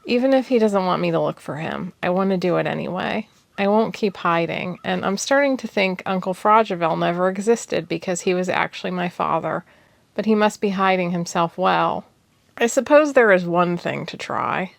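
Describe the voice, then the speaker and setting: An earnest, independent young village witch from a cozy storybook speaks quietly, as a woman reader voices her. The voice is low with a gravelly edge. It is recorded close and dry. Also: lively intonation, normal speed, no room sound.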